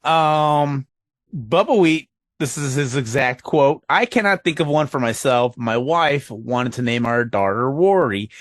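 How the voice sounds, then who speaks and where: A man's voice: medium pitch, lively intonation, unhurried, no echo, studio quality. A young man with a Chicago accent hosting a podcast in casual chat, rambling with many ums and small laughs. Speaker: podcast host.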